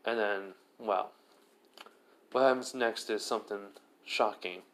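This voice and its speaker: Brief: man with a fairly low voice, casual fan-story narration, rambling and loose. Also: unhurried, fairly bright tone. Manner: rambling, many fillers and restarts.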